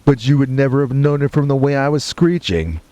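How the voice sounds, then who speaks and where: A man narrating a first-person horror story in a deadpan, matter-of-fact way with wry asides, with rain and thunder behind him. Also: medium pitch, a little fast.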